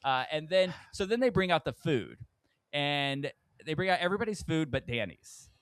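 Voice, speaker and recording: A man co-hosting a podcast, telling a story in an animated, casual way. He acts out the people in it with sudden leaps in his somewhat high voice. The sound is dry and close, with no room around it. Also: normal speed, no room sound. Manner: animated storyteller, acts out quoted people with big pitch jumps. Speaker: podcast co-host.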